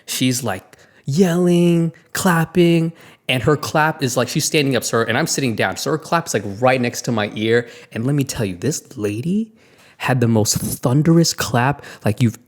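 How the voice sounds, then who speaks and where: Speaking at a normal pace in a medium-pitched voice, a man co-hosting a podcast shares a story in casual conversation. He laughs a lot and animatedly performs the quotes of the people in it.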